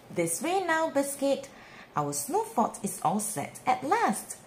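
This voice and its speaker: Slow sing-song woman reading to kids. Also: high voice, wildly swooping pitch, darkish tone, slight background noise. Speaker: storybook reader. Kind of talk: children's bedtime read-aloud.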